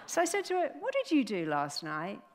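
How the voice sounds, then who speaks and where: A woman giving a motivational talk on stage, an animated storyteller who acts out the voices in her stories. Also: mid-range voice, brisk, a little hiss or hum. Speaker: motivational speaker. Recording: long hall reverb.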